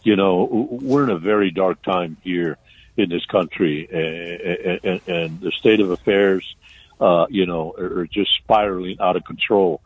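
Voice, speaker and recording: A man giving impassioned political commentary on radio, halting and full of fillers. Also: deep voice, husky, no room sound. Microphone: phone. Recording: tinny dry phone line.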